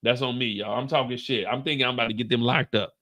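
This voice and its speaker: A man recapping a TV finale in casual commentary, acting out the characters in high and low voices. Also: steady tone, fast, bright, forceful tone. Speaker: show reviewer.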